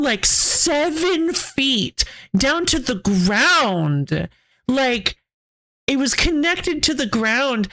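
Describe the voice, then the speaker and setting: A bubbly woman streamer in relaxed chat with her viewers. Her voice sits a touch high and she tells her story in an animated, tumbling way, full of restarts and giggles. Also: vocal fry. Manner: reads chat aloud. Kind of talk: casual chat.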